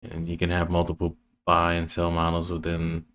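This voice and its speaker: Man, deep voice, flat delivery, unhurried, rambling chart talk. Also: slight background noise. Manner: rambling, restarts often, many fillers. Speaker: trading educator. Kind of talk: casual chart walkthrough.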